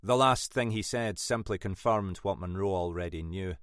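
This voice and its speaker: A male audiobook narrator with a low voice, telling a thriller in a measured, dramatic way. The recording is dry and close to the mic. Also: a bit bright, clean tone, no room sound. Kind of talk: scripted narration.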